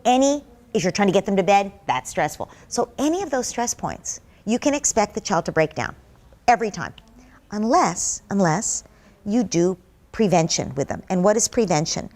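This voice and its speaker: A woman's voice: mid-range voice, expressive, normal speed, a little mellow. Woman explaining parenting earnestly. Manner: earnest, explains with examples and acted-out dialogue. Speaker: parenting expert guest. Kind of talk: interview answer.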